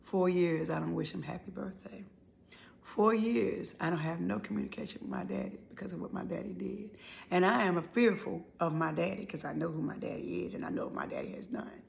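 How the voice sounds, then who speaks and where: Dramatic gravelly-voiced woman storyteller. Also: lowish voice, a little fast. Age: middle-aged. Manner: dramatic, acts out dialogue, drops to near whispers. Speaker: motivational life speaker. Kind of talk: emotional personal storytelling.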